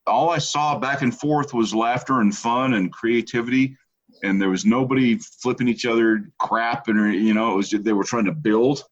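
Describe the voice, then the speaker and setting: A man's voice: medium pitch, normal speed. A man co-hosting a podcast in casual chat, chatty and teasing. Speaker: podcast co-host. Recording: dull lo-fi podcast audio.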